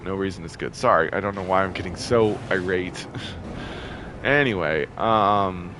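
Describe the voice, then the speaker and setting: A man casually commenting while playing a game, chatty and quick to get irritated, laughing often. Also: sits low, background noise. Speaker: gameplay video host.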